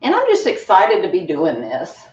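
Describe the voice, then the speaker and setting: Breathless encouraging fitness instructor. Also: female voice, fairly low pitch, wildly swooping pitch, normal speed, darkish tone. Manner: encouraging, chatty, laughs often. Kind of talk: home workout class. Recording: roomy, distant, dull home recording.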